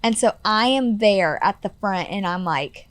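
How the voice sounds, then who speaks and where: A young woman in her twenties recounts her own past in an earnest, rambling way, leaning on "like" and "you know". Her voice sits at an ordinary middle pitch and sounds dry and close, with no room around it. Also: animated, a little slow, dry recording. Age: 20s. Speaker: guest. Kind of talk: personal storytelling in a podcast interview.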